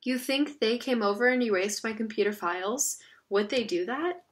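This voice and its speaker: A woman's voice: fairly high pitch, moderate pace, natural voice. Storybook teen boy, anxious and bitter, voiced by a woman reader in her own voice. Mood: alarmed.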